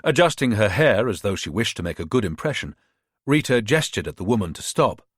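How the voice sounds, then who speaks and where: A man narrating a thriller audiobook in a measured, expressive reading. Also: lowish voice, slightly rough, no room sound, clean studio sound.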